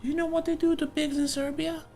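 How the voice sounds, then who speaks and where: A man's voice: very high voice, level tone, quick pace, vocal fry, a little mellow, faint music behind, pitched above the performer's own voice. A man voicing a frightened, lost male pig in a kilt who pleads with panicky questions. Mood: panicked.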